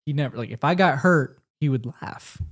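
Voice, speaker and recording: A man's voice: a little high, a little fast. A young man co-hosting a casual couples podcast, telling stories in an easygoing, thoughtful way. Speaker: podcast co-host. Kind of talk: casual chat.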